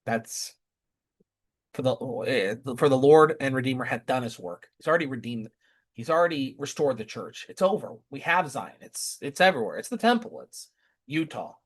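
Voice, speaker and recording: Man, impassioned scripture commentary, emphatic, rhetorical questions, mid-pitched voice. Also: big pitch swings, moderate pace. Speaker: scripture teacher.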